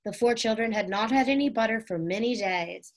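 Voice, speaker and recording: A woman reading a classic children's chapter book aloud in a gentle, unhurried storytelling manner. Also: fairly high pitch. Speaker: audiobook reader.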